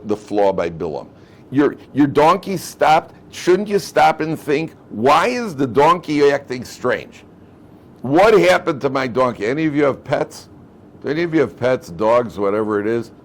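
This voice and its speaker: Storytelling rabbi giving a lively lecture. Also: male voice, mid-range voice. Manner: conversational, repeats phrases, acts out quoted speech. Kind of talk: Torah lecture with humorous stories. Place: classroom with a live audience.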